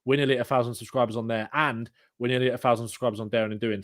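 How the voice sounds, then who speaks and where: Excitable lad, dry mic. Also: male voice, mid-range voice, very fast, few pauses, no echo. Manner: excitable, laughing, plugs channels. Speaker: podcast host. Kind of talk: live casual fan chat.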